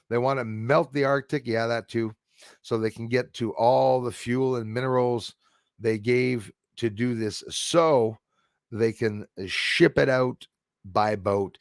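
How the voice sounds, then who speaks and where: A man's voice: mid-range voice, gravelly, no echo, clean studio sound. A man hosting a live stream, chatting casually in a rambling way and answering viewer comments. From Quebec.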